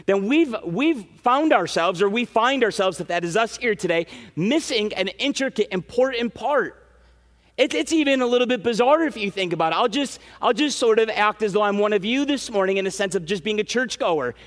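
A man preaching a sermon as pastor, earnest and emphatic, with quick asides and restarts. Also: sits high, a bit bright, in a large hall. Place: church sanctuary.

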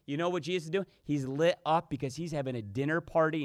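A man with a high, ringing voice preaches a fervent sermon, building to loud emphatic peaks and then dropping to near-whispers. The sound is dry and close, with almost no room echo around him. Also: fast, few pauses. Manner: impassioned preaching that swings from loud to hushed. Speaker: pastor.

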